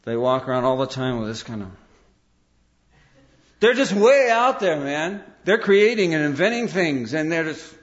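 A man preaching a sermon, telling stories and acting out quotes in an animated way. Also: fairly high pitch, moderate pace. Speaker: pastor. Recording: dull lo-fi sermon recording.

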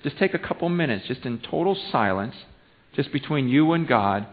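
A man preaching a sermon as pastor, excited and stammering, swinging between fired-up and hushed. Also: medium pitch, moderate pace. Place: church sanctuary. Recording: long hall reverb over a tinny phone-like line.

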